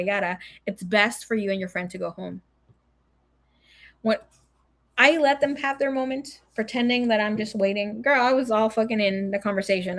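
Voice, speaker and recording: A young adult woman, telling a story in a casual, animated way, swearing a lot and acting out what people said. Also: mid-range voice.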